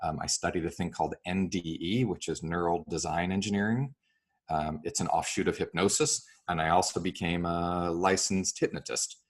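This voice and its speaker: A man speaking as an interview guest, explaining his ideas with many fillers and lively acted-out example dialogue. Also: low voice, normal speed. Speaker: real estate broker and coach.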